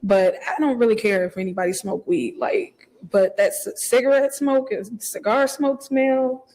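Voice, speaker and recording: A woman's voice: fairly high pitch, normal speed, a little mellow. A woman contestant on a dating show, talking openly and emotionally about her past. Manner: open, emotional, candid.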